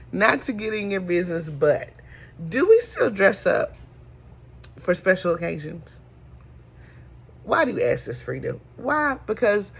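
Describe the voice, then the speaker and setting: A woman's voice: medium pitch, creaky, a bit bright, husky. A middle-aged woman, hosting a folksy casual chat and calling listeners honey. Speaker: host.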